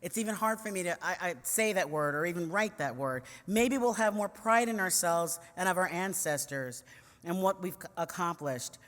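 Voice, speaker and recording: Fairly low in pitch with a fairly bright tone, a woman speaks at normal speed, telling a humorous story about herself. She's a commentator and conference speaker from New York City in her fifties, witty, chatty and full of playful asides, and the large conference hall adds long reverb.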